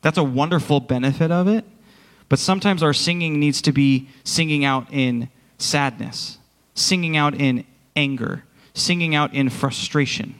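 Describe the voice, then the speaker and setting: A man's voice: on the high side, moderate pace, a bit bright, big-room sound. A man preaching a sermon as worship pastor, speaking earnestly and directly to his congregation in a church. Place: church sanctuary.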